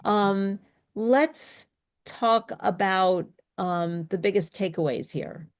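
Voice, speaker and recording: A woman's voice: mid-range voice, slow. A woman speech coach teaching an online workshop in an explanatory, coaching way over a video call.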